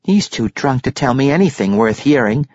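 An anxious young halfling fires off urgent questions, his voice pushed high and strained, as a male reader puts him on. The lo-fi recording is dry and slightly dull. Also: expressive, moderate pace, darkish tone, no room sound, close to an everyday voice. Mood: pleading.

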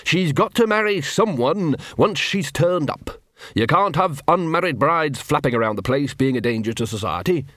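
A man's voice: a little high, animated, moderate pace, fairly bright tone, dry recording, studio quality, voice pushed up. Man doing a prim, fussy old wizard. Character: fussy, pedantic older male wizard.

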